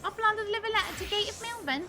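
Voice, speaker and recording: A woman's voice: high-pitched, animated, a little fast, noisy background, voice pushed up. A woman putting on a chirpy broken-speech creature. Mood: cheerful. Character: cheerful small beast-tribe merchant creature. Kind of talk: reading game dialogue aloud.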